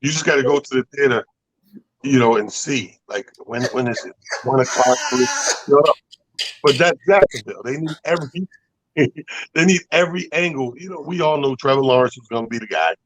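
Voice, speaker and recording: A man co-hosting a casual sports talk show, giving relaxed, folksy takes with little stories. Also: medium pitch, a little fast, no room sound. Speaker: co-host. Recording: dull, dry sound.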